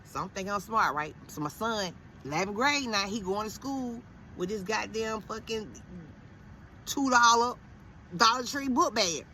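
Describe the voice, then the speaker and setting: Animated, profane woman telling a story. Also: mid-range voice, a little hiss or hum. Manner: animated, profane, quick to quote others. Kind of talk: casual storytime.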